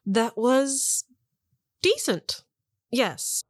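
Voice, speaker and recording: A woman's voice: on the high side, sing-song, drawn-out words, dry recording, voice pushed up, exaggerated voice. A woman doing a curt, haughty harp master. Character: stern aloof female harp master.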